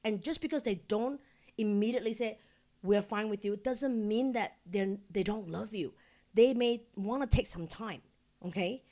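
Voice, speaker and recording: A woman from Singapore, a podcast guest who tells stories candidly, swears freely and gets animated. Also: on the high side, normal speed. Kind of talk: casual interview storytelling.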